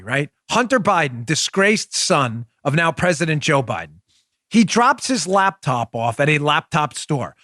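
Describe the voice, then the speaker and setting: High, bright-voiced indignant male host. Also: dry recording, clean studio sound. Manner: indignant, mocking, animated. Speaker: political talk show host. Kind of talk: opinionated monologue.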